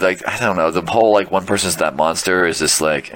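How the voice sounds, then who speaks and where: A man's voice: deep voice, lively intonation, quick pace, few pauses, a bit bright. A man in casual chat, rambling and unsure, with lots of fillers.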